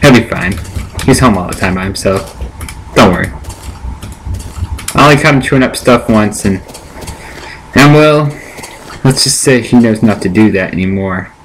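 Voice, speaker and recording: A man's voice: fairly low pitch, lively intonation, moderate pace, long pauses. Man rambling over a noisy laptop mic. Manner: chatty, rambling self-talk to viewers. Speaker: let's play gamer. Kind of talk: casual gameplay commentary. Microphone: built-in laptop microphone.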